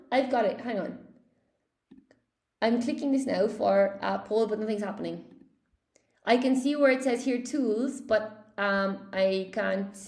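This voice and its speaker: A woman's voice: a little high, darkish tone. An Irish woman teaching English in a casual livestream, chatting and reading out viewer comments. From Ireland. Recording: echoey room.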